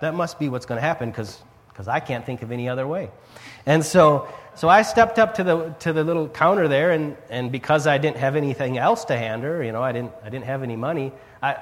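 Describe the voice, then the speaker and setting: A man's voice: medium pitch, long reverb tail. A man preaching, telling a personal story with frequent repeated words and sudden rises and drops in his voice. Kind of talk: sermon testimony.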